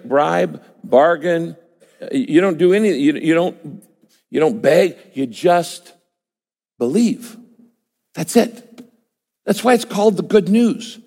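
A man's voice: on the high side, a little mellow. A man preaching a sermon, emphatic and conversational, often acting out his listeners' imagined words. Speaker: pastor. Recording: long hall reverb.

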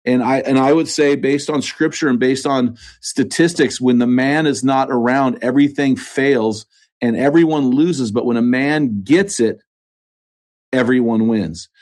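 A man's voice: mid-range voice, a little slow, a little mellow. An American man, a podcast host and author, talking earnestly and emphatically as an interview guest from a church studio, with frequent restarts. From United States. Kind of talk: conversational interview.

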